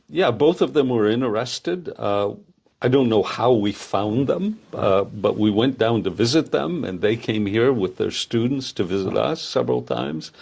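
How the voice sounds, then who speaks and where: An older man who founded the program speaks in a relaxed interview, pausing often with fillers. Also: mid-range voice, vocal fry. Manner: hesitant, many filler pauses. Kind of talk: conversational interview.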